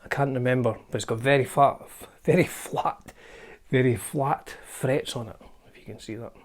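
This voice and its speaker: A man's voice: mid-range voice, fairly even intonation, a little fast. A Scottish man hosting a casual show-and-tell vlog, chatty and wry, often hedging his facts as he talks. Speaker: channel host showing his guitar collection.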